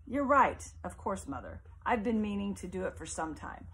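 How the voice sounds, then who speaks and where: A woman's voice: mid-range voice, very animated, moderate pace, fairly bright tone, husky. A woman voicing a cool, composed young boy who speaks politely and with restraint. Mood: dutiful.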